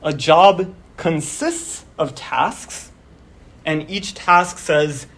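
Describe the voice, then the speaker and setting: Casual young male lecturer, somewhat high voice. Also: very slow, fairly bright tone. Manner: casual, explains step by step with many fillers. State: losing his voice. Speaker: course instructor. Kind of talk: university lecture. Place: classroom.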